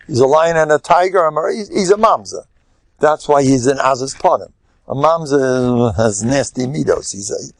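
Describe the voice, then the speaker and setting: An older rabbi lectures in a gravelly, creaky voice, recorded close and dry. He talks with animated emphasis, breaks into sudden loud bursts, and slips into chatty, chuckling asides. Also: medium pitch, dry recording.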